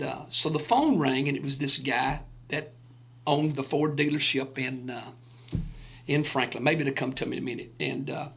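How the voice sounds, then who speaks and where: A man's voice: mid-range voice, gravelly, fairly bright tone. An older man, telling a folksy, earnest story on a radio talk show. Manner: folksy, earnest storyteller acting out quoted voices. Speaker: gospel singer recalling touring days.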